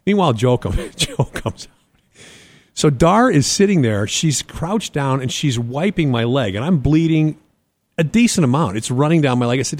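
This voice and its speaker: Animated storytelling man, lively pitch. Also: moderate pace, no room sound. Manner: animated, acts out voices in his stories. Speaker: podcast co-host. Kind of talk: casual storytelling.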